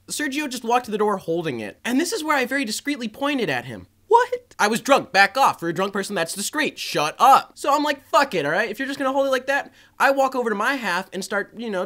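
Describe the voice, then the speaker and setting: A man's voice: high-pitched, brisk, hardly any pauses. A young man telling a comic story to camera, with lots of swearing, jumping between characters' voices. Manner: animated, profane, jumps into voices of friends. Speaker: vlogger.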